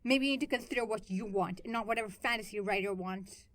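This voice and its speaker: A woman's voice: mid-range voice, fast, a bit bright, no echo, close to an everyday voice. A woman reads as an earnest young hero, a man who keeps his frustration in check. The lines stay level and plain, close to her own reading voice, in a fan fiction reading. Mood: firm.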